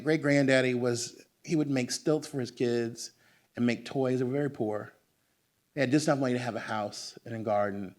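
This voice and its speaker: An American man giving a book talk in a bookstore, telling family stories to an audience and acting out the voices of his relatives. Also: medium pitch. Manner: animated, acts out family voices. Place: bookstore event room.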